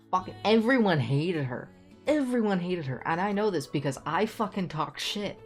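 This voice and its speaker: A young man streaming a game, telling an animated story in a casual rant full of swearing. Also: fairly high pitch.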